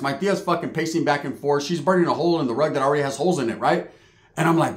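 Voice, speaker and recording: A man's voice: fairly high pitch, quick pace, reverberant. A middle-aged man telling a long street story, profane and streetwise, peppered with Spanish slang. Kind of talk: casual storytelling monologue.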